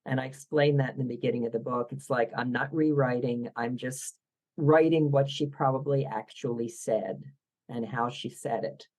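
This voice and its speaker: A woman's voice: a bass voice, fairly even intonation, normal speed, darkish tone, rough recording. Wry woman with a Philadelphia accent. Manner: opinionated, wry, enthusiastic. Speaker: guest author. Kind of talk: podcast interview.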